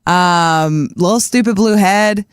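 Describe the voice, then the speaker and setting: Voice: medium pitch, takes it slowly, clean tone, no echo, clean studio sound. A podcast co-host in a casual morning livestream chat, giggly, crude and rambling.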